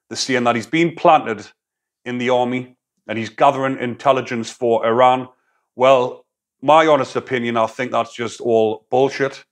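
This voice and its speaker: A man, a former prisoner, giving a blunt, casual opinion monologue full of prison slang. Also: mid-range voice. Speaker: YouTube commentator, former prisoner.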